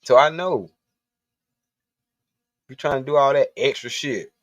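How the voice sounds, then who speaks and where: A man's voice: medium pitch, a little slow, dry recording. A man from the Southern US giving a profane, blunt, rambling rant on a livestream. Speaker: livestream host. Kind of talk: casual ranting monologue.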